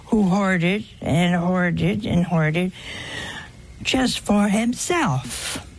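Slow, gravelly woman preaching. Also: fairly low pitch. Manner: folksy, humorous, acts out dialogue. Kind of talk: sermon to a live audience.

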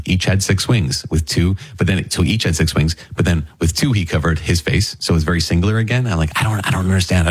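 A man with a very low, husky voice explains scripture in an easy, conversational way. He sounds earnest and eager, talking straight to his listeners as a Bible teacher. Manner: earnest, enthusiastic, addresses listeners directly.

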